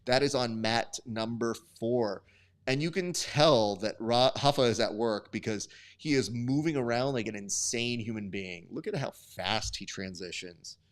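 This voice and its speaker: A man with a smooth, clear voice at a mid pitch, hosting a live stream into a desk mic. He calls results and reads chat in a loose, profane, joking way. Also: a little slow. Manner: casual, profane, bantering with chat. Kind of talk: live sports commentary and chat reading.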